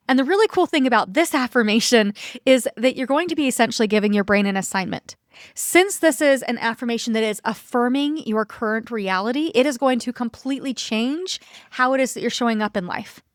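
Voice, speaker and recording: A woman in her thirties hosts a self-help podcast and coaches listeners in an encouraging way. Her voice sits a little high. The recording is dry and close. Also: brisk, no echo. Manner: guides listeners through reflection.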